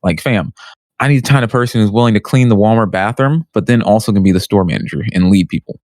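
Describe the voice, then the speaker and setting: A man co-hosting a casual podcast, talking in quick slang, bragging about work he has done. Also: on the low side, a little mellow, dry recording. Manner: fast slangy bragging, leans on "fam" and "bro". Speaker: podcast co-host. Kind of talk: casual argumentative chat.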